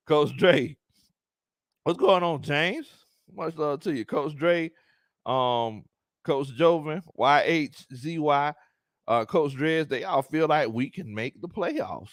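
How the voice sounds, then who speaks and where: A man's voice: fairly high pitch, animated, takes it slowly, dry recording, studio quality. A man hosting a casual live-stream sports chat, reading viewer comments aloud and laughing often. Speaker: sports talk show host.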